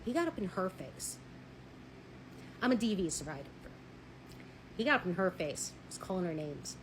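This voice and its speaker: A woman telling a personal story in a blunt, animated way, swearing freely and acting out what people said. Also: lowish voice, moderate pace, a little hiss or hum, poor audio. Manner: married. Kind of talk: casual storytelling.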